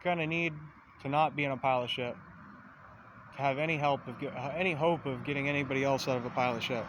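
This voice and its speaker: A man's voice: medium pitch, fast talker, noisy background. A man in a casual, rambling monologue, swearing freely and meandering through a running metaphor with self-aware asides.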